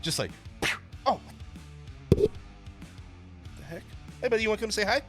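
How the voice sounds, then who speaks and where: A man's voice: high-pitched, animated, normal speed, soft background music. A man hosting a livestream, chatting casually and joking with viewers in a rambling way. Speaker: stream host.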